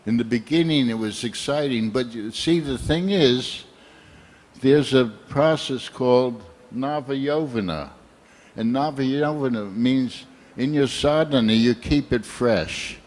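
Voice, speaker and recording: A man in his seventies from the United States, giving a slow, earnest and heartfelt sermon full of personal anecdotes. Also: medium pitch, a little mellow. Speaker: guest speaker at a temple program.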